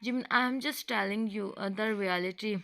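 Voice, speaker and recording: A woman's voice: mid-range voice, creaky, a bit bright. A woman reading as a cheerful village boy. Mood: teasing. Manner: halting read-aloud dialogue.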